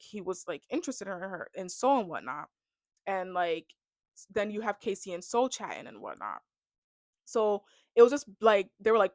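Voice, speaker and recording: A young woman ranting casually about a reality show, full of "like" and animated reactions. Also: mid-range voice, no echo. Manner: chatty, heavy on "like", animated reactions. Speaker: reality TV recap vlogger. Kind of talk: casual rant to camera.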